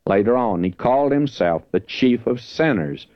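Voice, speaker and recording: A man's voice: mid-range voice, animated, normal speed, no echo. A man preaching a verse-by-verse Bible teaching sermon, earnest and emphatic, lifting his voice when he reads scripture. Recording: dull lo-fi dry recording.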